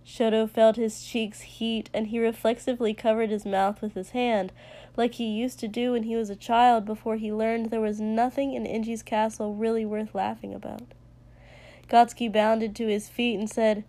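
A woman narrating a story aloud in a steady, even reading voice. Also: fairly high pitch, moderate pace. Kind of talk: reading fan fiction aloud.

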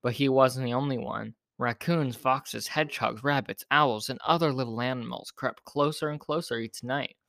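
A man's voice: mid-range voice, moderate pace, creaky, few pauses, fairly bright tone, dry recording, studio quality. Man reading a children's story aloud.

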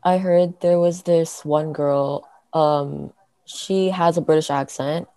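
A woman's voice: low voice, fairly even intonation, takes it slowly, warm tone, no echo. A woman co-hosting a podcast, chatting casually with friends in a teasing, opinionated way with frequent "um"s and "uh"s. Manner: opinionated, teasing, hesitant fillers. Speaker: podcast co-host. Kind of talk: casual chat among friends.

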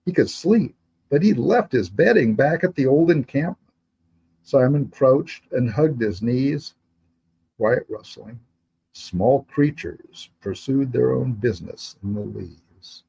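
A man, the author, reading his historical fantasy novel aloud in steady, measured narration. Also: mid-range voice, creaky, slightly rough, rough recording.

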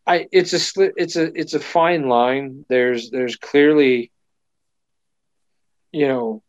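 A man's voice: medium pitch, slow, no echo. A man co-hosting a casual chat, rambling with lots of fillers and restarts. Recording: dull lo-fi dry sound.

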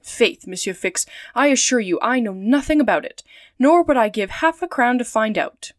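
A woman's voice: fairly high pitch, animated, normal speed, no room sound, clean studio sound, close to an everyday voice. A woman voicing a cheerful, trusting male manservant in a storybook reading, with eager, amiable talk.

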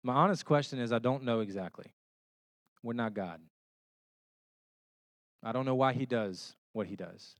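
A man giving a sermon as a pastor. He tells homey stories in an animated way and keeps checking in with rhetorical questions. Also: medium pitch, normal speed, long pauses, no room sound. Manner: conversational, checks in with listeners through rhetorical questions; animated storytelling with homey illustrations.

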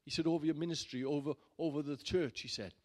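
A man, a pastor, telling a personal story in a sermon in a chatty way that builds to loud, emphatic bursts. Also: on the high side, steady tone, quick pace. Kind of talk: sermon testimony.

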